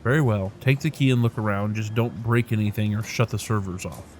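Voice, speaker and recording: A man's voice: fairly low pitch, a little fast, slight background noise, close to an everyday voice. A man voicing a cautious, firm male community elder in a video game. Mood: wary.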